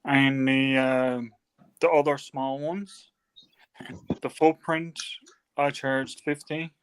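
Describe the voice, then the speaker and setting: A man talks easily and at length, his voice sitting at an ordinary middle pitch. He speaks plainly and without hurry, like someone explaining his hobby to friends on a live call. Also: little pitch movement, slow pace, smooth, rough recording. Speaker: hobby tattoo artist. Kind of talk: casual chat on a live call.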